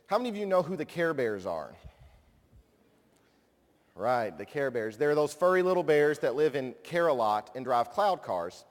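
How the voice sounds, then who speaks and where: A man's voice: medium pitch, sing-song, normal speed. Man telling a story in a reverberant hall. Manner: warm storytelling with self-deprecating humor. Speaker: conference speaker introducing a guest. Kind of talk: anecdotal conference speech. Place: large conference hall.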